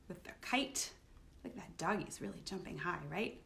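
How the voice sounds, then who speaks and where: A middle-aged woman hosting a children's livestream, reading a picture book aloud at home in a playful, animated way and acting out the feelings. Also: fairly low pitch, moderate pace, vocal fry. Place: at home, live streaming.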